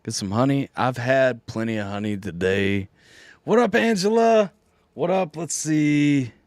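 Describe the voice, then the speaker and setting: Hoarse man streaming, losing his voice. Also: medium pitch, measured pace, dry recording. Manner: chatty, talks straight to viewers, reading out chat. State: hoarse, nearly lost voice. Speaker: music reaction streamer. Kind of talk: casual live-stream chat.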